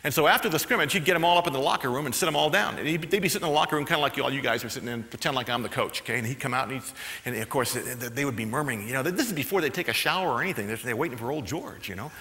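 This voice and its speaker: Man, motivational speaker, fast bright delivery, live audience talk, echoey hall. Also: mid-range voice. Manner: quick, chatty, with restarts and asides.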